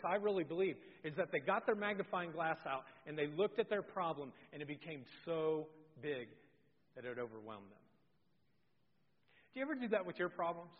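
A middle-aged man preaching a sermon as pastor, telling a family story, animated, and swinging from loud to very soft. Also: a little high. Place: church. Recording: dull sound with long hall reverb.

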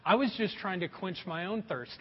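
In a church sanctuary with long, hall-like reverb and a bit of dullness to the sound, a middle-aged pastor preaches a folksy sermon. His voice is high and slightly husky, his pace moderate, and he keeps calling out to the people in the pews.

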